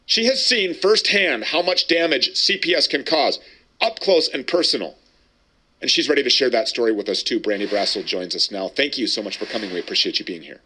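A man's voice: mid-range voice, animated, a little fast, pushed and bright, breathy edge. A man hosting a Christian talk show, introducing a guest and asking questions in an emphatic, preacher-like way. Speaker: host.

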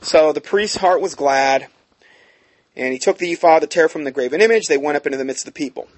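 A man's voice: on the high side, fast talker, slight background noise. A man reading scripture aloud and explaining it in a conversational way, often checking in with his listeners. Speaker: Bible teacher.

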